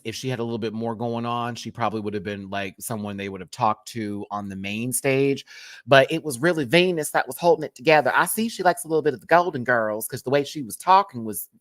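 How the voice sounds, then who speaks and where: A man's voice: mid-range voice, a bit bright, dry recording, clean studio sound. A man with a Southern American accent, chatting casually and laughing often as he reviews a reality TV episode. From Southern United States.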